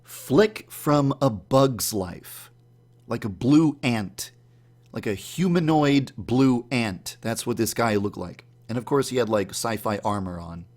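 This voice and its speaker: A man telling the story of a dream in a casual, animated way, acting out his own startled reactions in a higher voice. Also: slow. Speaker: YouTube channel host.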